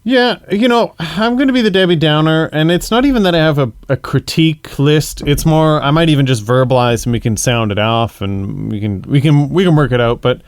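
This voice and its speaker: Slightly high-voiced male co-host, dry. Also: clear, resonant tone, no echo. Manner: quick agreeing interjections, joking. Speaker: podcast co-host. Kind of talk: casual chat.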